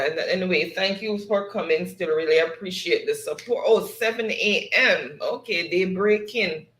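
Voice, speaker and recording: A man hosts a casual livestream sign-off, reading viewers' comments aloud and laughing often as he drifts into patois. His voice sits high for a man. The sound bounces around an echoey room. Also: sharp tone. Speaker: livestream host. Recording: roomy echo.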